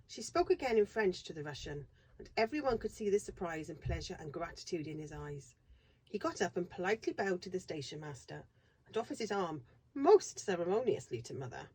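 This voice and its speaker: A woman reading a classic children's novel aloud in a steady, expressive narration. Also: lowish voice, a little fast, slight background noise. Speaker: reader. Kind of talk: storybook read-aloud narration.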